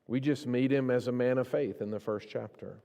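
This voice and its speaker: A man preaching a sermon in a church, his delivery swinging between hushed, slow stretches and raised, impassioned ones. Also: mid-range voice, steady tone, creaky. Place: church sanctuary. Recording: long reverb of a church hall.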